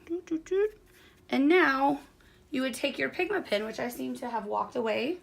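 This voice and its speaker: A woman teaching a quilting project step by step, her voice carrying a gravelly fry. She chats in an easy, encouraging way while her hands stay busy with the work. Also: high voice, lively intonation, moderate pace, slight background noise. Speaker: quilting instructor. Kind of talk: hands-on sewing tutorial.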